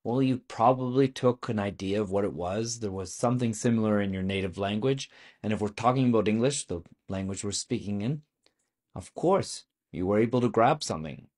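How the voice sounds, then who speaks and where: A man's voice: lowish voice, brisk, darkish tone. A man teaching a video lesson on French vocabulary, explaining patiently and asking the viewer questions.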